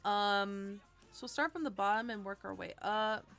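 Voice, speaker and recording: A woman's voice: mid-range voice, normal speed, vocal fry, a bit bright, soft background music. A young woman streaming to her viewers in a bubbly, giggly casual chat.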